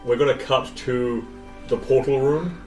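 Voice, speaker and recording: A man's voice: medium pitch, fairly even intonation, measured pace, a little mellow, soft background music. A man narrating as game master of a tabletop game, laughing at his own descriptions. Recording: roomy, distant mic.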